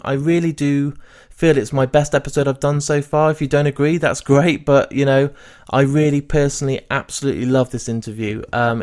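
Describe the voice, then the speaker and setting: A man's voice: mid-range voice, a little mellow. A man hosting a podcast, effusive and eager, interviewing a guest and wrapping up the episode. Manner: enthusiastic, effusive. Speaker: podcast host. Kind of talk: interview and outro talk.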